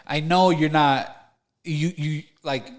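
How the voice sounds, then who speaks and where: A young man telling a story on a podcast, animated, acting out the voices of the people he quotes and swearing freely. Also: a little high, takes it slowly. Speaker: podcast host. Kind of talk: casual storytelling chat.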